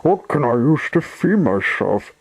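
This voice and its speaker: A man's voice: fairly high pitch, big pitch swings, unhurried, creaky, breathy edge, voice pushed up, full character voice, poor audio. A man voicing a small, eager young tugboat who is brave but easily worried. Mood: anxious.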